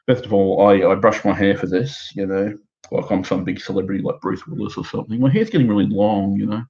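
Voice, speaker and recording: A man's voice: lowish voice, expressive, a little fast, creaky, darkish tone, lo-fi sound. A man in his thirties with an Australian accent, an amateur stand-up comedian rambling self-deprecatingly on a live stream from his own house, with many fillers. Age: 30s.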